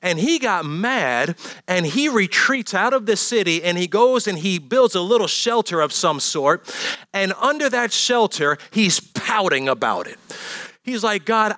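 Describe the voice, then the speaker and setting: A man, a pastor delivering a sermon in an animated storytelling manner with asides to the congregation. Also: high-pitched, no room sound.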